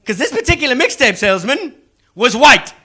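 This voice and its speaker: A young man doing a stand-up routine, telling stories in an animated, self-mocking way. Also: very high voice, a little fast. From Newcastle upon Tyne, England. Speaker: stand-up comedian.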